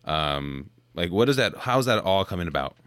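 A man hosting a casual podcast, asking loose, halting questions. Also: low voice, very animated, fairly bright tone, clear, resonant tone, no room sound. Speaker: podcast host.

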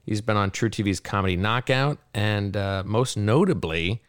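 Guy cohosting a comedy podcast, lowish voice, joking around, dry sound. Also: normal speed, clean tone, no echo. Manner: jokey, self-deprecating banter. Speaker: podcast co-host. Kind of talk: casual chat.

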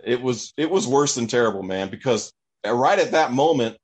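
A man in casual chat, telling an anecdote in an animated way and acting out the voices of people in it. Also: mid-range voice, moderate pace, breathy edge. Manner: animated, acts out voices in his story. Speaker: storyteller.

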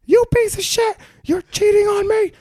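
A man voicing an upset young woman, his girlfriend, in a retold story, in a shrill, raised voice. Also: normal speed, dark tone, dry recording, clean studio sound, natural voice. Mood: furious.

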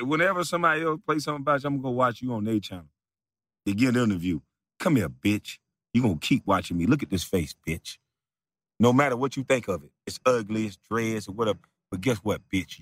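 A man's voice: lowish voice, fairly bright tone, dry recording, studio quality. A man who makes videos, delivering a mocking, profane rant at a rival, repeating taunts and breaking into laughter. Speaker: video creator.

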